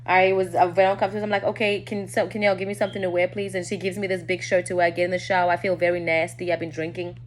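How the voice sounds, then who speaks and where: A woman's voice: level tone, fast, hardly any pauses, slight background noise. Candid woman telling a storytime. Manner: candid, addresses viewers as y'all, often drops low and quiet. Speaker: vlogger telling a personal story. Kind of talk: casual storytime.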